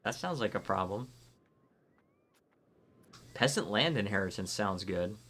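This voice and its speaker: A man's voice: on the low side, lively intonation, a little slow, fairly bright tone. A man from Florida, chatting casually and rambling through a live game stream while he answers viewer chat. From Florida, United States.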